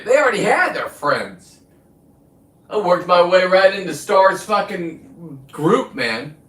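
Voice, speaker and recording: High-pitched and fairly bright, this livestream host rants into his phone with profanity, combativeness and a preachy edge. He is far from the mic in an echoey room.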